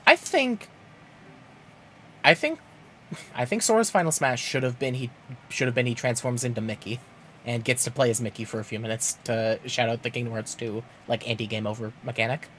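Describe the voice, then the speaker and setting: A man streaming an online game, chatting casually and haltingly with his co-player. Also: medium pitch, little pitch movement, a bit bright, slight background noise. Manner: laid-back, halting, with frequent fillers. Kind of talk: casual chat while gaming.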